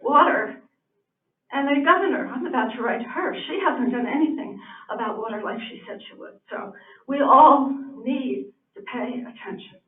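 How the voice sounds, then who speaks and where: A woman's voice: sits high, moderate pace. A woman speaking at a town meeting's public comment, out of breath, emphatic and urgent. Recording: echoey, distant, tinny phone-like sound.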